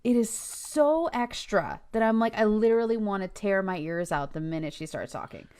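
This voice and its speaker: A woman co-hosting a podcast in casual chat, animated and quick to act out what others said. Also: medium pitch, clean tone. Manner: animated, talks over others, acts out quotes. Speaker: podcast co-host.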